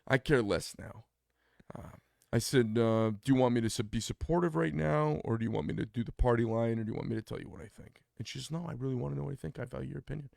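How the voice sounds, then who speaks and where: Gravelly blunt-spoken man telling a story. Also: mid-range voice, fast talker, a little mellow, dry recording, clean studio sound. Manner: blunt, opinionated, acts out quoted dialogue. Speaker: podcast co-host. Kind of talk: casual storytelling chat.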